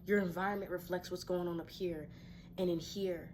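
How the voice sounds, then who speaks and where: Woman, lowish voice, reflective, encouraging, tarot reader, faint background hum. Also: fairly even intonation, moderate pace. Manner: reflective, encouraging, with sighs and soft laughs. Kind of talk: casual spiritual talk to viewers. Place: her home.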